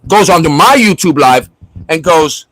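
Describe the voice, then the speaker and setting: A man's voice: fairly high pitch, expressive, measured pace, fairly bright tone, rough recording. A man hosting a livestream in casual chat, ranting mockingly and swearing at a viewer. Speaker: livestream host. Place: at home in Florida.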